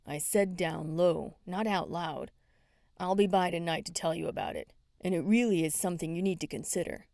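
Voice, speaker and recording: A woman's voice: on the low side, normal speed, warm tone, no echo, close to an everyday voice. Easygoing young male cop, read by a woman narrator; teasing, dry sound. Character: friendly young male police officer.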